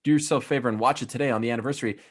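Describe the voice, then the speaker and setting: A man's voice: medium pitch, fairly even intonation, very fast. Enthusiastic male host steering the chat. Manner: enthusiastic, steers the talk with questions. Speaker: host, journalist. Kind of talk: casual chat.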